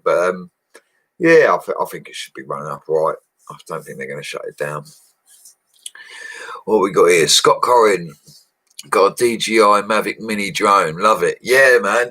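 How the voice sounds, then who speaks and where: A man's voice: deep voice, pushed and bright. A young man, chatting casually on a home livestream, laughing often and answering viewers' comments. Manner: laid-back, chatty, laughs often, slangy. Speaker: bricklayer livestream host. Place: home, indoors.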